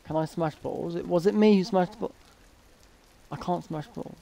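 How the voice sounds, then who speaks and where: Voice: mid-range voice, brisk, vocal fry, dark tone, a little hiss or hum. Jumpy let's play gamer. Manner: jumpy, talks to game characters, startled shrieks. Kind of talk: horror game commentary.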